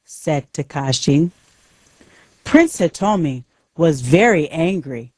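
A woman narrating a simple storybook aloud, slow and clear for learners. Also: deep voice, very animated, no room sound.

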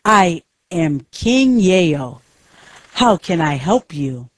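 A woman reading the lines of a brave old king in a storybook, slowly and plainly, close to her own voice. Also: fairly low pitch, sing-song, no echo, heavily acted. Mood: firm. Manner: slow, careful reading.

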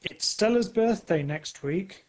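A man's voice: high-pitched, animated, slow, pitched above the performer's own voice, poor audio. A man playing an earnest devoted father. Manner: earnest, eager.

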